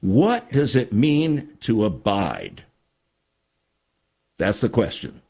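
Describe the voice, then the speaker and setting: A man's voice: fairly low pitch, wildly swooping pitch, vocal fry, warm tone, slightly rough. Emphatic man hosting Christian talk radio. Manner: preachy and emphatic, with dramatic pauses. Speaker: radio talk show host. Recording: radio studio.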